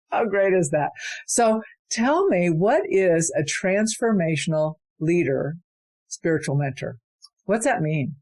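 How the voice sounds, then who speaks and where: Affirming woman podcast host, lowish voice. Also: animated, slow. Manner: warm affirming interviewer asking questions. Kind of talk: podcast interview.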